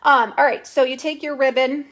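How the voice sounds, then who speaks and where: A woman's voice: high voice, fairly even intonation, moderate pace, a bit bright. A woman hosting a casual craft tutorial, chatting step by step into her phone camera with lots of "okay"s and fillers.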